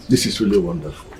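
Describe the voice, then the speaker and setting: A Nigerian man playing a jovial middle-aged uncle, hearty and teasing. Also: on the low side.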